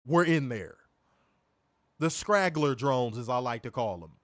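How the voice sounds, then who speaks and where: Dude hosting a wrestling stream, cussing and mocking everything, kinda high voice. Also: male voice, expressive, unhurried, dry recording, clean studio sound. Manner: emphatic, profane, mocking. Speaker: wrestling show host. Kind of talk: casual profane rant on a livestream.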